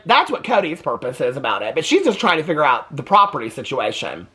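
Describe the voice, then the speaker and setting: A man's voice: high-pitched, fast talker, few pauses, husky. Sassy, swearing male recap host. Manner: sassy, gossipy, profane; animated. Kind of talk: casual TV recap vlog.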